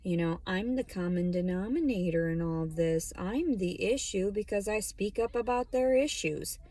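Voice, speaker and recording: A woman's voice: medium pitch, animated, normal speed, dark tone, dry recording. Woman, casual vlog, swears a lot, rambling, talking from her car. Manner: blunt, profane, rambling. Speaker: vlogger. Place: parked car in a store lot.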